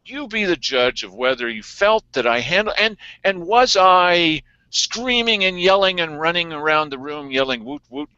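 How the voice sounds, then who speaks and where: Animated sarcastic man, high voice. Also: normal speed, hardly any pauses, clear, resonant tone, no room sound. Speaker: host of a local news talk show. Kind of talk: casual studio news chat. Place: small editing studio. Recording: dry, dull lo-fi studio sound.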